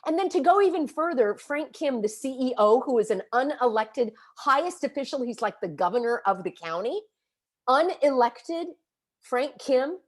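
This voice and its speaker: An upset, agitated woman delivers a vlog rant straight to her viewers. Her voice sits high and swings widely as she scolds and calls people out, every point pressed with emphatic indignation. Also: animated, moderate pace. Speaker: vlogger and activist. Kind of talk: impassioned direct-to-camera rant.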